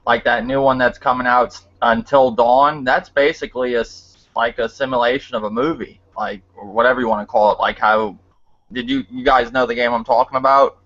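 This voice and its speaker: A man's voice: medium pitch, fairly even intonation, a little fast, fairly bright tone. A man co-hosting a casual podcast who rambles with many fillers. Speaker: podcast co-host. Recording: muffled lo-fi audio.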